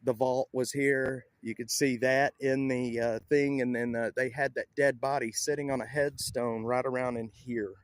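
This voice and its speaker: Holding his phone, a man live-streams from a cemetery outdoors, shivering in the cold as he rambles, laughs often, and talks to his chat. His mid-range voice has little pitch movement and moves at normal speed with hardly any pauses, and the rough recording has no echo.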